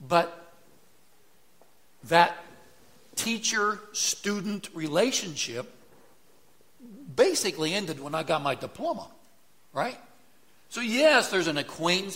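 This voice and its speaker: A man's voice: high-pitched, sharp tone. A middle-aged man preaching a sermon as pastor, in a conversational way, often checking in with "right?". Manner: conversational, tag questions like "right?".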